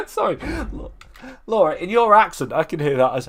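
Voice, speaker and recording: A man streaming a video game, chatting casually to his viewers, swearing, joking at his own expense and thinking out loud. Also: high-pitched, huge pitch swings, moderate pace. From Manchester area, England. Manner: self-deprecating, swears freely, thinks aloud. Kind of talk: casual rambling commentary while gaming.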